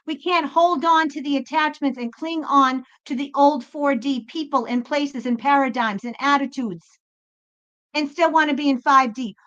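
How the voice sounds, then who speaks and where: A woman with a high, sharp voice delivers an unscripted spiritual pep talk. She is blunt and emphatic and swears without holding back. The recording sounds a little dull and lo-fi. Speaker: tarot reader and spiritual channel host.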